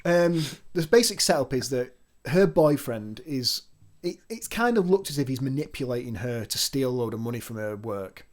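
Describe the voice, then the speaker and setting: A man's voice: medium pitch, lively intonation, normal speed, hardly any pauses. A man co-hosting a casual podcast, chatty and teasing with lots of restarts. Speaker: podcast co-host.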